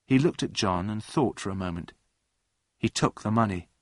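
A man narrating a story aloud in a plain, clear reading voice. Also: on the low side, animated, moderate pace, no room sound, clean studio sound.

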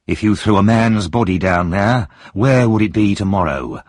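A fierce, secretive stranger who snaps out short demands and threats, as a man reading a storybook plays him. The voice is very low and husky. It is recorded dry and close with no room sound. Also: lively intonation, normal speed, no echo. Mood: menacing. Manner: menacing, curt, demanding.

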